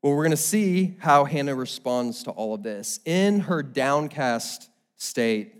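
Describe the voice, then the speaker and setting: A young man preaching a sermon, telling the story with lively, animated delivery and acting out the quoted lines. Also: medium pitch, a little slow. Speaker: pastor.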